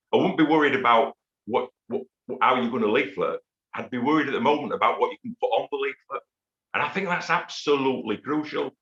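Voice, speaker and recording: A man's voice: medium pitch, sharp tone. A man, giving an impassioned, story-filled campaign speech over a video call. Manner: impassioned, anecdotal, repeats words when pushing a point. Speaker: union activist speaker. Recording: echoey room, dull lo-fi sound.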